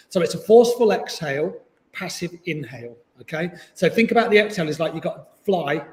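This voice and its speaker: A man teaching a yoga class online, chatty and encouraging, with jokes about himself. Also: fairly high pitch. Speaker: yoga instructor. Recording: echoey room with long reverb.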